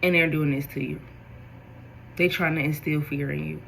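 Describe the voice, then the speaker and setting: A woman gives a spiritual tarot reading, speaking directly to her viewers. Her voice is bright and forceful, and her delivery is animated. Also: sits low, moderate pace, vocal fry, slight background noise, low-quality recording. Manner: animated, talks straight to viewers. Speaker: tarot reader.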